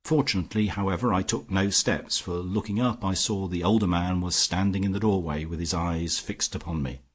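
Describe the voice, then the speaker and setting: Male audiobook narrator, deep voice, husky, measured storytelling. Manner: measured first-person storytelling. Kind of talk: scripted narration.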